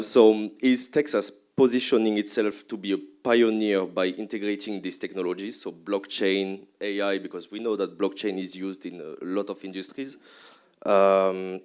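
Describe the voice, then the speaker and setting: A man from France speaks with a French accent and puts his question to a panel from the floor. His voice is smooth, resonant and fairly low. He talks hesitantly and apologizes for himself along the way. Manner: apologetic, hesitant, self-deprecating. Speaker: audience questioner.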